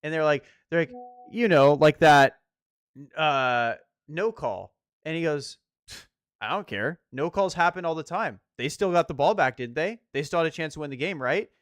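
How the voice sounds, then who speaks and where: A young man in casual sports chat, animated and swearing as he rants about football. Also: a little high, normal speed, no echo, clean studio sound. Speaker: podcast co-host.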